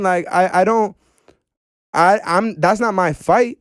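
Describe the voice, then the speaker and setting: A man talking casually as a podcast guest, animated and slangy, saying "bro" often. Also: sits high, unhurried, smooth, no echo, clean studio sound.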